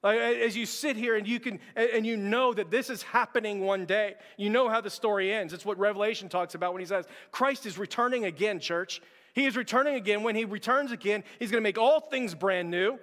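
High-voiced preacher in a reverberant hall. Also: male voice, brisk, fairly bright tone. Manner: earnest, repeats words, addresses the church directly. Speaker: pastor. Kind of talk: sermon. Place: church sanctuary.

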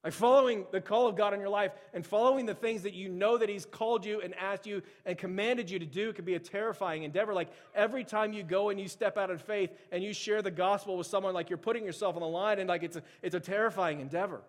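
A man preaching a casual, animated sermon to his church, acting out frightened figures in the story. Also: high voice, fast, hardly any pauses. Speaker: pastor. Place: church sanctuary. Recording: long hall reverb.

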